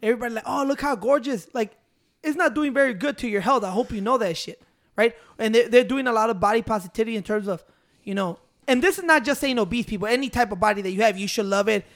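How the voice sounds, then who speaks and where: A man's voice: high-pitched, quick pace, a bit bright. A man telling rambling stories with a laugh on a casual podcast. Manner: rambling storyteller, laughs often. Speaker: podcast co-host.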